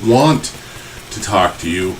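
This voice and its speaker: A man co-hosting a podcast in casual chat, rambling and joking, halting often with fillers. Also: on the low side, expressive, distant mic, slight background noise, low-quality recording. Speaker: podcast co-host.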